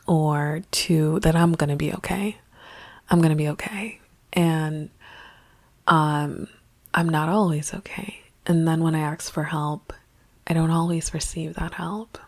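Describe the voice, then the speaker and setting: A woman spiritual coach musing in a reflective vlog monologue, often dropping to a soft half-whisper. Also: low-pitched, no echo.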